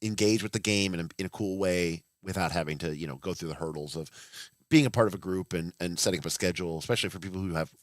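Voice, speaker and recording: A man in his thirties talks off the cuff on a livestream, his voice sitting low. He rambles, cuts himself off and restarts, and swears bluntly. The sound is dry and close, with no room echo. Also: fast talker. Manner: rambling, self-interrupting, blunt and profane. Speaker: livestream host. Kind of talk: casual livestream chat.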